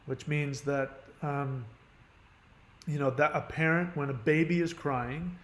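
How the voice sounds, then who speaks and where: A man's voice: fairly high pitch, steady tone, unhurried, a bit bright, echoey room. A middle-aged man talking casually and rambling through an advice monologue, often restarting his sentences and using many "you know"s. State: has a headache. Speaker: channel host giving advice.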